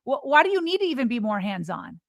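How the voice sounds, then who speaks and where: Exasperated high-voiced woman arguing sports. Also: big pitch swings, gravelly, no echo, studio quality. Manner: exasperated, emphatic, rapid rhetorical questions. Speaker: podcast co-host. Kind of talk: heated sports podcast argument.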